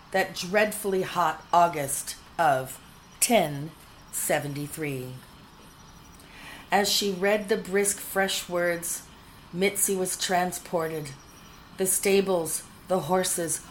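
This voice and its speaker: A woman reading a storybook aloud in a playful, expressive manner. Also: lowish voice, a little hiss or hum, rough recording. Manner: playful, expressive, shifting into character voices.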